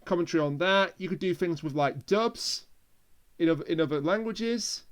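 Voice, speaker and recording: Male podcast co-host, higher register, relaxed chatty delivery with quick wry asides. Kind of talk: casual chat.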